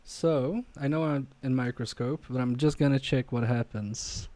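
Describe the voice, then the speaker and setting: Mellow-voiced man muttering through a repair. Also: medium pitch, moderate pace, no echo. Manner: muttering to himself and chatting to viewers, self-deprecating. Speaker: electronics repair streamer. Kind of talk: live-stream repair commentary.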